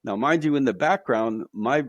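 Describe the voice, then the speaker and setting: A man guest on a podcast telling his own story in a casual, animated way, tossing in slang like "bro.". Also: mid-range voice, normal speed, no echo, muffled recording.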